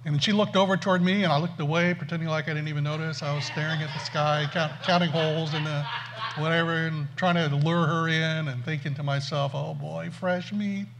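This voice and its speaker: Male preacher, self-mocking storyteller, slightly high, lively. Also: fairly quick, noisy background. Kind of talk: storytelling sermon.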